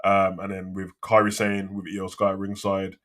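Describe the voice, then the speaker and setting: Young lad, sharp bright tone, live wrestling rant host, heavy swearing and slang. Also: male voice, low-pitched, completely flat delivery, moderate pace. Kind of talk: casual live commentary and rant.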